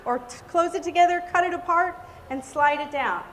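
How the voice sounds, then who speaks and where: A woman's voice: extremely high pitch, fairly quick, a bit bright. A woman giving a live cake decorating demonstration, chatty and exclamatory. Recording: reverberant hall with faint noise.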